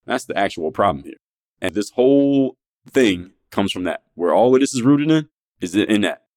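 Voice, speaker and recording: A man's voice: on the low side, lively intonation, normal speed, a little mellow. A man hosting a podcast, delivering a blunt, profane monologue full of rhetorical questions, speaking. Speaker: podcast host.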